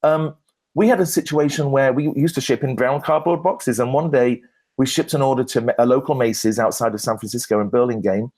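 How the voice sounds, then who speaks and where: A man answers questions on a conference stage as a branding expert. He tells his stories in an animated, self-deprecating way, often restarting his sentences and laughing at his own jokes. His voice sits at an ordinary middle pitch for a man. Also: a little fast. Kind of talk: conference Q&A talk, anecdotal.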